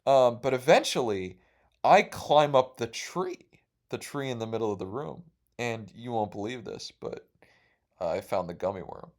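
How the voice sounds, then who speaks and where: Young dude podcasting, rambly and sweary, gets all worked up. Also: male voice, medium pitch, normal speed. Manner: profane, rambling, excitable. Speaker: podcast host. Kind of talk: rambling storytelling.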